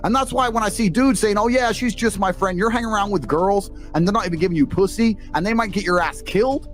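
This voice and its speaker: Blunt, profane English man with fast swagger. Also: high-pitched, soft background music. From England. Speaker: podcast guest, former kickboxer. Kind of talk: casual storytelling chat.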